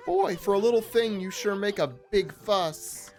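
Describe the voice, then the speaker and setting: A woman's voice: medium pitch, darkish tone, lightly acted. A woman voicing a boastful, sleazy little male bug artist in a video game. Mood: cocky. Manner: boastful, brash, fast-talking. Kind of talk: reading game dialogue aloud. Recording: game music behind.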